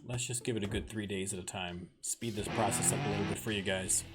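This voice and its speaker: A man's voice: on the low side, steady tone, quick pace. A man hosting a let's play, casually commenting on a music game in a chatty, wry, self-deprecating way.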